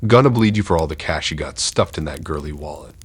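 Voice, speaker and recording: A man's voice: rumbling low, animated, fast, husky, dry recording, exaggerated voice. A man voicing a burly, menacing male thug with a growling threat.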